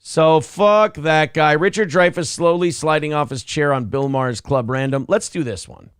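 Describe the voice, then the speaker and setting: A man's voice: fairly high pitch, normal speed, smooth, no room sound, clean studio sound. A man hosting a casual chat show, crude and joking, swearing freely as he reacts to clips. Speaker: show host.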